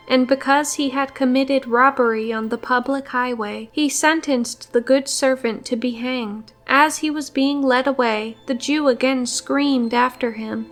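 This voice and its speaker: A woman narrates an old fairy tale in a calm, measured reading. Her voice is high and her pace unhurried. Soft music plays faintly beneath her. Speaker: storyteller. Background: faint background music.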